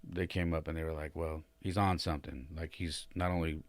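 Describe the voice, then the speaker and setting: Podcast host, male, very deep voice, shaken storyteller, dry close recording. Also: a little fast, no echo. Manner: retells with animated quoted voices, many fillers. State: shaken and emotional. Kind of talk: casual storytelling.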